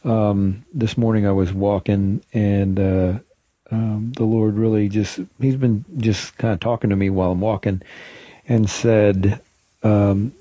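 A man's voice: fairly low pitch, fairly even intonation, a little slow, warm tone, no room sound. A man co-hosting a faith podcast, speaking loosely and hesitantly. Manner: loose, hesitant, many ums and uhs. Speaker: podcast co-host. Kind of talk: casual faith podcast talk.

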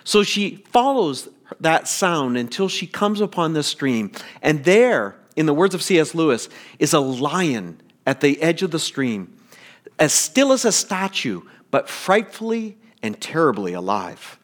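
A man preaching a sermon as pastor, earnest and deliberate, with stammered restarts. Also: on the high side, big pitch swings.

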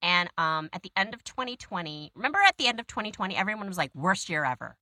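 A woman being interviewed, telling stories in an animated, gushing way with lots of "like". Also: medium pitch, fast, no echo. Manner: animated, gushing storyteller, heavy use of "like". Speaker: interview guest. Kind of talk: casual conversation.

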